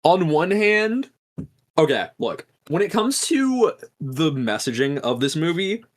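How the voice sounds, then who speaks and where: A man's voice: a little high, very animated, takes it slowly. A man hosting a podcast, recapping a film in a casual, swearing storytelling style. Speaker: podcast host.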